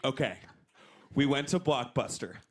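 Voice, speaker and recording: A man in his twenties doing a stand-up set, animated and jumping into loud put-on voices. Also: mid-range voice, measured pace, noisy background. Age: 20s. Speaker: stand-up comedian. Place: comedy club stage. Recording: live club recording with crowd laughter. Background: audience laughing.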